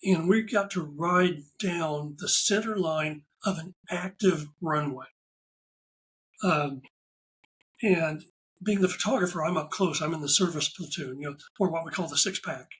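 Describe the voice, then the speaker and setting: A man talking as a podcast guest. He tells stories in a casual, animated way and acts out the lines of the people in them. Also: fairly high pitch, a little slow, rough recording. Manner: animated anecdotal storyteller, acts out quoted dialogue. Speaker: podcast guest, ride photographer. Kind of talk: casual interview storytelling.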